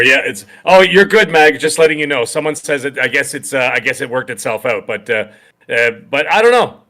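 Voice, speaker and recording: A man's voice: medium pitch, lively intonation, a little fast, sharp tone. A man from Canada co-hosting a gaming podcast, chatting in an upbeat, jokey, rambling way. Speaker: podcast co-host. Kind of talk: casual podcast chat.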